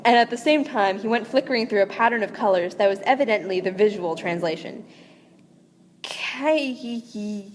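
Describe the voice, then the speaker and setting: A woman's voice: mid-range voice, quick pace, hardly any pauses, a little hiss or hum. Young woman rambling between read passages. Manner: rambling, giggly asides. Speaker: amateur audiobook reader. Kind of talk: reading aloud with casual commentary. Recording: echoey room with long reverb.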